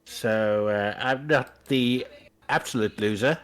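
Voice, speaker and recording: A man playing a tabletop game who talks in a halting way, pausing often and narrating the action like a mock commentator. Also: mid-range voice, a bit bright, clear, resonant tone. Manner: halting, full of pauses. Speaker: player. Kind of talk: hesitant in-character commentary.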